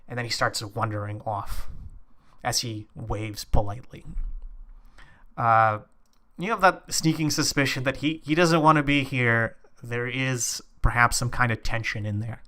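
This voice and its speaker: A man's voice: medium pitch, fairly even intonation, measured pace, sharp tone. A man narrating a tabletop game as game master, in a casual, filler-heavy way.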